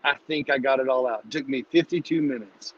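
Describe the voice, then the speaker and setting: A man hosting a live-streamed Bible study, teaching in a casual, energetic, preachy way and calling listeners "dude". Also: medium pitch, a little fast, a little hiss or hum. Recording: dull lo-fi live stream audio.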